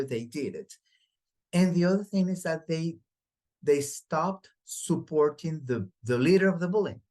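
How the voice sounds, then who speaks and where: Slow, halting male researcher. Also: medium pitch, darkish tone. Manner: slow and halting, many fillers and restarts. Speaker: researcher giving a talk. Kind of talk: academic talk.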